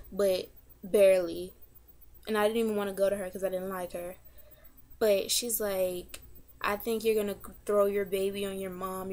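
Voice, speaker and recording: A seventeen-year-old girl telling a story to her camera in a casual vlog, animated and indignant, acting out both sides of a conversation. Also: mid-range voice. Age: teens. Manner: animated, indignant retelling with quoted dialogue. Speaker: vlogger.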